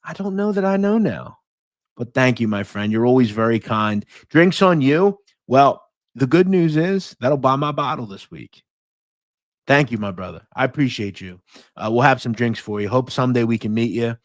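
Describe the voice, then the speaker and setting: A man's voice: medium pitch, animated, moderate pace, no room sound, studio quality. A man from the United States hosting a casual livestream podcast, blunt and profane, mocking and reading out viewer donations. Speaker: podcast host.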